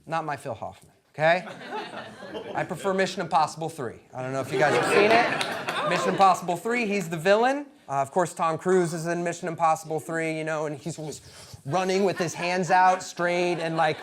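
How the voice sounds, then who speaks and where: A stand-up comedian in his thirties telling personal stories on stage, animated and bursting into loud acted-out quotes. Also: on the high side, a little fast, slight background noise. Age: 30s. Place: comedy stage before a live audience.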